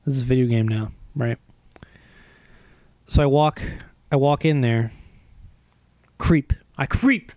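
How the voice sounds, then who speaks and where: Animated, self-mocking male streamer. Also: mid-range voice, unhurried, pauses often, no echo. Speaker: game streamer. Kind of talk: casual live-stream storytelling.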